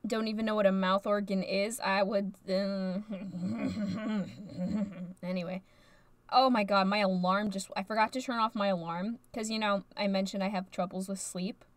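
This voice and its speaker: A woman's voice: mid-range voice, fairly even intonation, normal speed, no room sound. A young woman from the United States chatting casually and rambling while streaming a game. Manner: rambling, chatty, frequent fillers. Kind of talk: casual live-stream chat.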